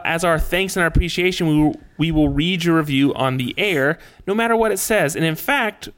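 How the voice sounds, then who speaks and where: A man's voice: sits high, smooth. A man co-hosting a casual podcast, gushing about an art print and reading a listener review. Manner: excitable, rambling, laughs often. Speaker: podcast co-host.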